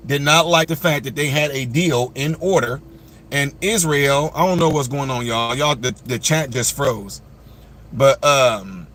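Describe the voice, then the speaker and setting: A man's voice: fairly high pitch, fairly bright tone. A man hosting a casual live-stream news commentary, chatting straight to his viewers and ranting animatedly. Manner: chatty, addresses viewers directly, rants animatedly. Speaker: commentator and channel host.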